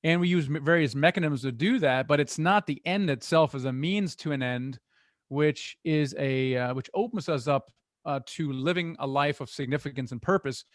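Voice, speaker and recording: A middle-aged man talking as a guest in an interview, earnest and animated as he tells stories. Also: fairly high pitch, moderate pace, no room sound, clean studio sound. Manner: earnest, animated storytelling with restarts. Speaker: guest, real estate investor. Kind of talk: conversational interview.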